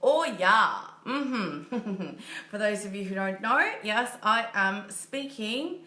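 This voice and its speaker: Bright-voiced woman, chatty coach. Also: medium pitch, animated, slow pace. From Germany. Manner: chatty, upbeat, thinks aloud and laughs often. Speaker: mindset coach. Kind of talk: casual livestream talk. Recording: echoey room.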